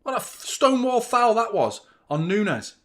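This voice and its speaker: A man, hosting a football watchalong with excitable, rambling commentary and frequent swearing. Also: high-pitched, normal speed. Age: 30s. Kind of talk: live match commentary and chat.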